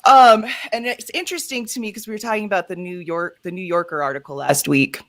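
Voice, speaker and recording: A woman's voice: on the low side, steady tone, quick pace, no room sound. Female guest, conversational and loose, dry and close. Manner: chatty, lots of likes and ums. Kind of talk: casual chat.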